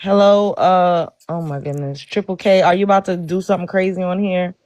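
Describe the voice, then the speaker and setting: A blunt, animated woman from Brooklyn. She hosts a livestream and talks straight to her chat. She is frank and outspoken. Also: fairly low pitch, fairly quick. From Brooklyn, New York. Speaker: livestream host. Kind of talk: casual livestream talk.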